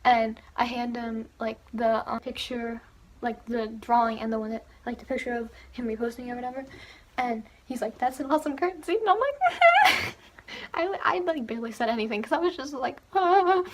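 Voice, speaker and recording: A teenage girl tells a story on her vlog in a gushing, giggly voice, stumbling over her fillers. Her voice sits a little high. A faint hiss runs underneath. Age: teens. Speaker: vlogger. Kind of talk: excited storytelling.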